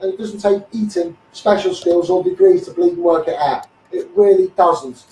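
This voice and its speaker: Hoarse scouse man, high voice, combative live-stream rant, echoey room, mic set back. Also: warm tone. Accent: Liverpool. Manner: rapid, combative ranting, repeating phrases, calling viewers mate. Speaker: activist livestreamer. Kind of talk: ranting Facebook live stream. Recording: echoey, mic held at a distance.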